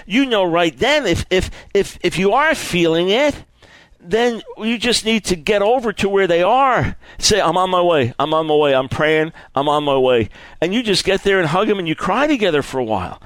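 Animated, earnest male preacher. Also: high voice, no echo. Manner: earnest, animated, repeats himself and stumbles on words. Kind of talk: sermon.

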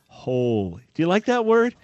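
A man's voice: on the high side, sing-song, measured pace, no echo, muffled recording. A man hosting a radio talk show, teaching the Bible emphatically and asking listeners rhetorical questions.

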